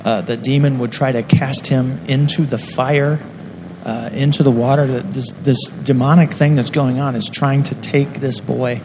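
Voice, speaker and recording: Earnest preacher man with a lively delivery. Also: medium pitch, a little slow, background noise. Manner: earnest, conversational, acts out quotes. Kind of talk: sermon.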